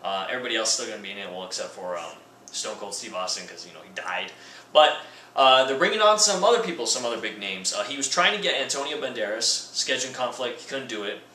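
A man's voice: medium pitch, expressive, fast, pushed and bright, a little hiss or hum. A man vlogging a comedic rant, with a sarcastic, joking and rambling delivery. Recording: roomy echo from a distant mic.

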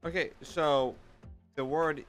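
A man's voice: fairly high pitch, fairly even intonation, takes it slowly, a bit bright, soft background music. A man co-hosting a reaction show, casually but insistently arguing and explaining his reading of a scene. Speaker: co-host of a reaction channel.

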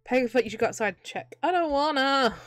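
A young woman streams herself playing a video game, offering chatty, jokey live commentary and frequently dissolving into giggles. Her voice is high, animated, and fairly bright, moving at a quick pace with no echo.

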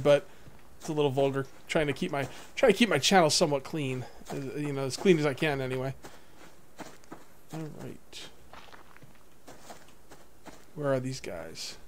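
A young man giving casual gameplay commentary to viewers, excitable, swinging from muttering to whooping. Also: a little high, takes it slowly, pauses often, a little hiss or hum. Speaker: let's play gamer.

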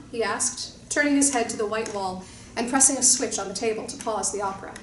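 Woman, story reader, calm and measured, roomy echo, faint hiss. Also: on the high side, recorded from a distance. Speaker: narrator. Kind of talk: short story reading.

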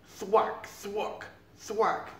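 A man reading a storybook chapter aloud to a class, animated and acting out sound effects. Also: high voice, extremely slow. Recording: echoey room.

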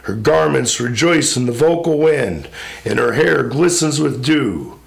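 A man giving a recitation of epic poetry, in a solemn, measured and rhythmic declamation. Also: mid-range voice, animated, vocal fry.

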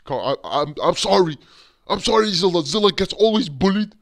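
Excitable young man reacting, bro-heavy. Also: sits high, fairly quick. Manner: excitable, constantly saying bro. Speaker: reaction video host. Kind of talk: casual reaction commentary. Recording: loud music playing behind.

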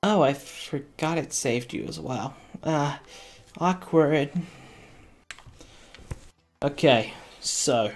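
A man's voice: on the high side, expressive, very slow, long pauses. A man casually commenting while he plays a game on stream, with sarcastic and crude joking asides. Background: faint game music.

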